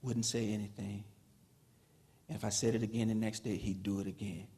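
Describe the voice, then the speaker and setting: A man from Petersburg, Virginia, with a lowish, warm voice and a breathy edge, speaks fairly quickly and with a flat delivery. He's giving a conversational, story-filled Hall of Fame induction speech to a ceremony hall audience, peppered with "you know".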